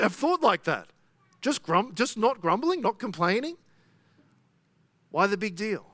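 A man preaches a sermon to his congregation in a fairly high, conversational voice. He keeps asking his listeners rhetorical questions. The recording sounds dry and close. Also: bright, forceful tone, no echo. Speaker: pastor. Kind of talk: expository sermon.

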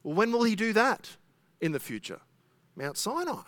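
A man's voice: high voice, big pitch swings, moderate pace, a bit bright, dry recording. A pastor preaching an expository sermon in a conversational way, often asking his listeners rhetorical questions.

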